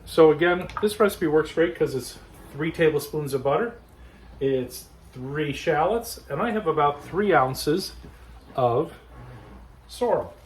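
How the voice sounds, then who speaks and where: A man hosting a casual cooking demonstration, explaining each step in a relaxed, chatty way from his home kitchen. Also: a little high, unhurried, a little hiss or hum, low-quality recording. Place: backyard garden, then home kitchen.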